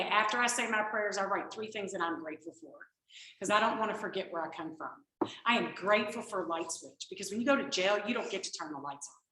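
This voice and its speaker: A woman gives a personal recovery testimony to a group, telling stories and acting out the conversations she quotes. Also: medium pitch. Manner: animated storytelling, acts out quoted exchanges. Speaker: recovery speaker. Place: meeting room. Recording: echoey room.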